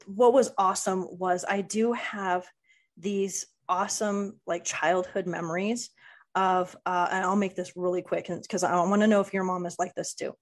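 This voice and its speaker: A woman guest author in a casual podcast interview, telling family stories in an animated way with lots of "like" fillers. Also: lowish voice, normal speed. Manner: animated storytelling, many "like" fillers.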